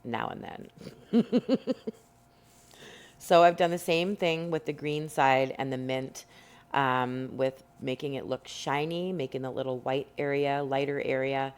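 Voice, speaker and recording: Very low-voiced woman. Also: steady tone, measured pace, smooth. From Canada. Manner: chatty, rambling, many fillers. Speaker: rock painting instructor. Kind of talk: casual tutorial narration. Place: home indoors.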